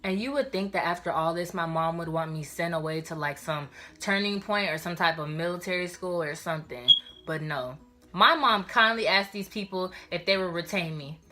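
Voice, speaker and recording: A young woman telling a storytime vlog in an animated, slangy way, talking straight to her viewers. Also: on the low side, normal speed, faint music behind. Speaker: vlogger.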